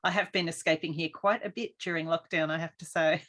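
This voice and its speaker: A woman hosts a podcast from a small studio, talking in a chatty, effusive way. Her voice sits a little low for a woman. The feel is a relaxed, friendly interview. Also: a little fast. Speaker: podcast host. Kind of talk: casual interview chat.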